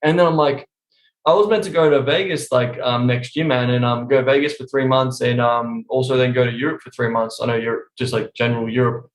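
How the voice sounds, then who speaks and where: A man's voice: mid-range voice, fairly even intonation, brisk, echoey room. A man talking casually on a podcast, telling rambling stories full of swearing. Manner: profane, rambling storytelling.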